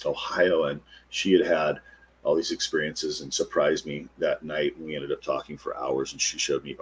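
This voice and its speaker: A middle-aged man, a podcast guest, retelling a personal encounter in an animated way and acting out the quotes. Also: extremely low pitch, normal speed, husky. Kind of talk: storytelling interview.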